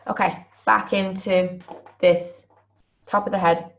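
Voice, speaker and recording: A woman guiding a group through a tapping session, repeating phrases slowly over a video call. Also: medium pitch, fairly even intonation, gravelly, dull audio. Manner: slow, repetitive guided phrasing.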